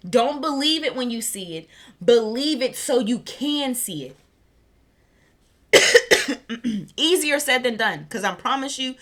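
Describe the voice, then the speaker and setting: Bright-voiced woman giving a chatty reading. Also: fairly high pitch, takes it slowly, long pauses. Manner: chatty, excited, trips over words. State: scratchy throat, coughing. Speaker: tarot reader. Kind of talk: casual spiritual reading. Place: warm room at home.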